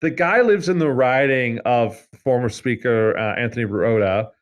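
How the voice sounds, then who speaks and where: A young man from Canada rambles through a story on a casual podcast. He leans on fillers, restarts his sentences and laughs at his own points, at an ordinary, middle pitch. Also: moderate pace. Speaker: podcast co-host. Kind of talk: casual chat.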